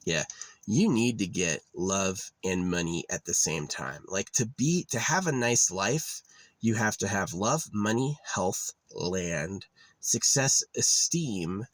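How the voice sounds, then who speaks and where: A man's voice: lowish voice, lively intonation, slow, no echo. A young man vlogging in a rambling, digressive monologue that drifts into rants, full of fillers.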